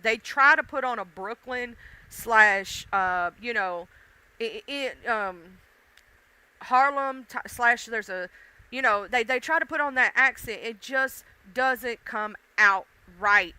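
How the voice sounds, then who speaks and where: Woman livestream host, chatty and teasing, smooth voice. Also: a little high, pushed and bright, low-quality recording. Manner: chatty, laughing, teasing viewers by name. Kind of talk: casual chat with live viewers.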